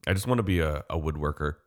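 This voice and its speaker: A man from Canada with a very deep, low voice talks in an easy, rambling way. He is enthusiastic and full of fillers as he chats casually. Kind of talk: casual chat.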